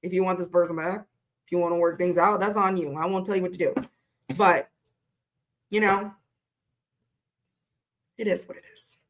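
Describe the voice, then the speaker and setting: A middle-aged woman doing a casual live-stream tarot reading, talking in a chatty, blunt and animated way. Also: on the low side, normal speed, pauses often. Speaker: tarot reader.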